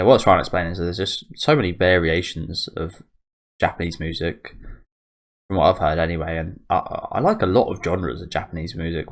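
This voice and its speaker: A young man hosting an anime reaction video, rambling casually with lots of fillers and restarts. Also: low-pitched. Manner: rambling, filler-heavy, self-correcting. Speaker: anime reaction channel host.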